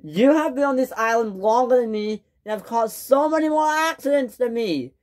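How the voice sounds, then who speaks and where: A woman voicing a proud, hot-tempered young male engine who cries out in shrill accusations. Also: normal speed, darkish tone, close to an everyday voice. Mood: angry.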